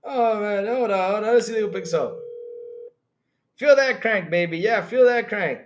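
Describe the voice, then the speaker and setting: A man's voice: sits high, normal speed, slight background noise. A man hosting a casual live stream, talking straight to his chat, swearing and breaking into laughter all the time. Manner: talks to chat directly, animated and excitable. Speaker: streamer host. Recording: roomy echo.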